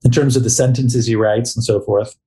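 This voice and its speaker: A man's voice: mid-range voice, steady tone, brisk, warm tone. A middle-aged man co-hosting a casual book talk, rambling, restarting sentences and reading passages aloud. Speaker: podcast co-host.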